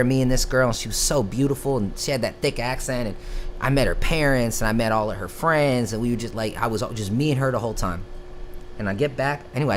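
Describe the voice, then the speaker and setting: A young man from Florida, a rapper hosting a live stream, telling stories in casual chat with a lively, profane delivery. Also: mid-range voice, a little hiss or hum. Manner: animated, profane, drawn-out "bro" asides.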